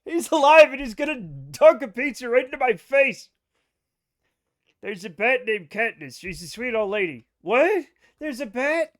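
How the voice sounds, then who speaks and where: A man streaming a space game live, chatting excitedly with his viewers and swearing when things go wrong. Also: very high-pitched, unhurried. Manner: excitable, swears when frustrated, reads chat aloud. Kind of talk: live gaming stream chat.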